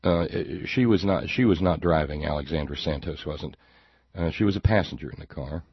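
A man's voice: a bass voice, normal speed, slightly rough, dry recording, dull audio. A man hosting a talk show, giving a sarcastic, rambling political monologue and repeating words as he goes.

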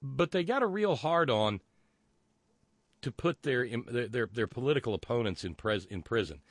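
A man's voice: mid-range voice, animated, moderate pace, no echo. A man hosting a political commentary show, sarcastic and mocking as he reacts to clips.

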